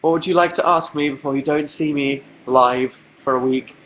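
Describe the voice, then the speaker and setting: A young man from England, stuffed up with a cold, hosts a relaxed livestream from home and answers viewer questions through a webcam mic. His humour is dry and self-mocking, and he keeps joking about how ill he is. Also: on the high side, normal speed, a little hiss or hum, low-quality recording. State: has a cold, sniffling. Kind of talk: casual livestream chat.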